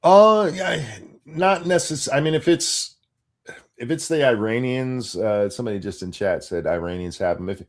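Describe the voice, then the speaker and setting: A man's voice: mid-range voice, lively intonation, normal speed. A man co-hosting a casual political chat show, talking bluntly and with profanity, often restarting his sentences. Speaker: show co-host.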